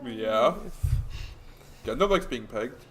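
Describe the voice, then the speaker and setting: A man co-hosting a podcast, chatting casually and cracking dry, deadpan crude jokes. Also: medium pitch, slow, a crowd in the background, rough recording. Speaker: podcast co-host. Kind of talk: casual chat.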